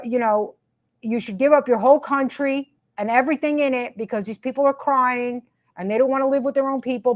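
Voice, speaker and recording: A woman's voice: high-pitched, a little mellow. A woman hosting her own commentary show, ranting with sarcasm and emphatic repetition. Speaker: commentary host.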